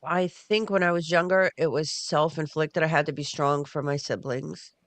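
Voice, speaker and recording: A woman on a talk show panel, speaking about her feelings in halting, emotional bursts. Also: low voice, fairly even intonation, no echo. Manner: halting, emotional, restarts often. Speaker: guest panelist. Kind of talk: casual talk show discussion.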